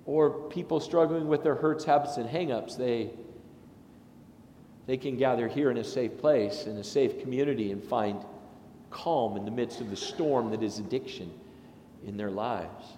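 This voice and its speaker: A man, a pastor, delivering a sermon in a chatty, anecdotal way with lively asides. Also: medium pitch, moderate pace, slight background noise. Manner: conversational and anecdotal, with animated asides. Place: large church sanctuary. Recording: echoey sanctuary with long reverb.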